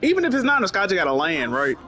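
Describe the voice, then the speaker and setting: A man's voice: sits high, wildly swooping pitch, very fast, bright, forceful tone. A man playing a game on stream, talking to himself about where to fly. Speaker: co-player on stream. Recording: music playing in the background.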